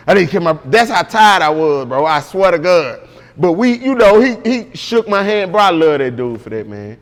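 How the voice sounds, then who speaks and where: A man's voice: high-pitched, lively intonation, normal speed, a bit bright, big-room sound. A man guest in an interview, telling a story casually and with animation, full of slang and repeated "bro".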